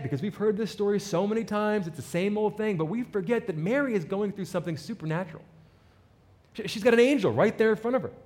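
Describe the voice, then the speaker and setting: Lively high-voiced preacher man. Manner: informal, repeats words when building a point. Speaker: pastor. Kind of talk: conversational sermon.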